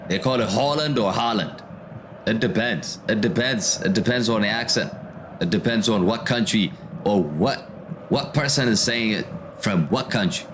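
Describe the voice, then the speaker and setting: A male streamer with a fairly low voice talks at a moderate pace, with background noise behind him. Hosting a football watchalong, he reads chat aloud and answers it, calls out what's happening in the game, and uses slang like "bro." The tone is casual commentary and chat reading.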